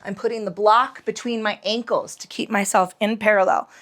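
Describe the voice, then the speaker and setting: A woman's voice: mid-range voice, steady tone, normal speed, a bit bright. A woman leads a casual yoga session with plenty of swearing. She cues poses and breathing, keeps drifting into rants and back, and drops to a whisper for some of the cues. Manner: profane, ranting, cues moves between tangents. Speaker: yoga instructor. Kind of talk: casual guided yoga class.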